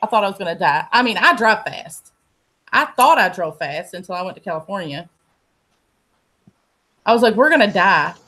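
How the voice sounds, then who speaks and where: A woman's voice: mid-range voice, animated, normal speed, long pauses, pushed and bright. A woman, telling stories in a casual, profane chat and laughing often. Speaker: host.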